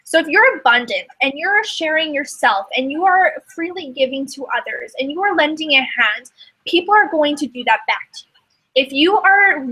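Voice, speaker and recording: Speaking at a normal pace over a rough recording, a young network marketing coach gives her team a casual pep talk. Her high, bright voice is expressive and emphatic, and she acts out her inner voice through quoted asides.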